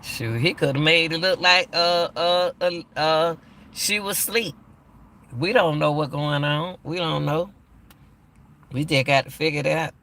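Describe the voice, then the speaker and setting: Older guy ranting on his channel, kinda high voice, gravelly, repeats stuff. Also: measured pace, sharp tone. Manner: emphatic, repeats himself. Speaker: YouTube commentator. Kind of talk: casual commentary.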